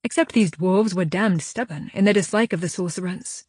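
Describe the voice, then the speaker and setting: Audiobook narrator, woman, husky voice, dry close sound, even pacing. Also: fairly low pitch, moderate pace, dry recording. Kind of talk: scripted first-person narration.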